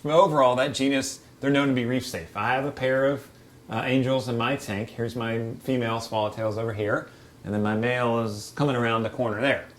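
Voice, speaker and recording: A man hosting a casual aquarium Q&A from beside his reef tank, chatty and quick to act out little quoted voices. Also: mid-range voice, fairly even intonation, slight background noise. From United States. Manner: chatty, acts out quotes of fish and hobbyists. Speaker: aquarium hobby show host. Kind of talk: casual Q&A explainer.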